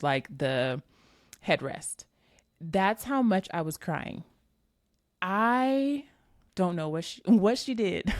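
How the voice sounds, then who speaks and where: A woman's voice: mid-range voice, darkish tone, no echo, studio quality. A woman in her forties, a fitness coach hosting her own podcast, talking casually and candidly to her listeners as she tells a personal story. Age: 40s. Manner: chatty, candid storyteller addressing listeners directly. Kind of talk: casual solo podcast talk.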